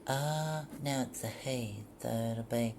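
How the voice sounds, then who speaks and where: A woman's voice: very deep voice, takes it slowly, a little mellow. A woman reading a novel aloud in a mocking, sarcastic, profane way. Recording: clear background noise.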